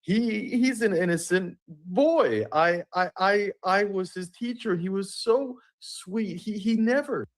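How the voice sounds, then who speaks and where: A doting elementary school drama teacher gushes in a squeaky, stammering voice, as a man puts it on mockingly. The pitch leaps far above a normal speaking voice, and every phrase trips over itself. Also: takes it slowly, hardly any pauses. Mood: gushing.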